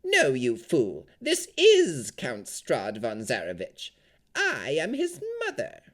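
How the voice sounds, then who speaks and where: A man's voice: fairly high pitch, huge pitch swings, voice pushed up, exaggerated voice. A man voicing a menacing, scornful old crone hag in an audiobook, harsh and drawn out. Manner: slow, drawn-out delivery. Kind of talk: audiobook character voice.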